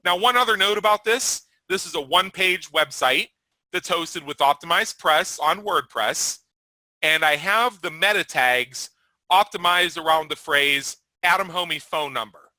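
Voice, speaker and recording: Bright-voiced man hosting a webinar. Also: fairly high pitch, a little slow, no echo, poor audio. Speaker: webinar host. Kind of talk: webinar presentation.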